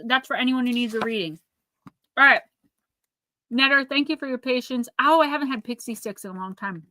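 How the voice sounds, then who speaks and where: A woman's voice: a little high, a little fast, pushed and bright, no room sound. A woman giving an oracle card reading on a live stream, speaking earnestly and caringly to her viewers by name.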